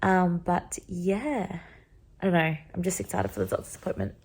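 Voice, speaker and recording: A woman's voice: lowish voice, sing-song, normal speed, a little mellow, a little hiss or hum. A young woman talking casually to a handheld camera, rambling and chatty, full of "like" and "um". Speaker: vlogger.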